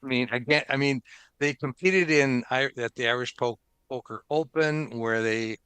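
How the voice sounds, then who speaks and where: Bright, crisp-voiced male podcast host. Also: medium pitch, moderate pace, dry recording. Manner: upbeat, chatty, laughs often. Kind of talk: casual podcast chat and show intro.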